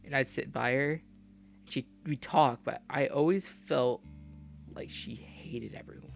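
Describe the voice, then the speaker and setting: A young man reading a game story aloud and breaking off into profane, loud comments. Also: medium pitch, measured pace, creaky, faint music behind. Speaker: gamer reading a visual novel aloud.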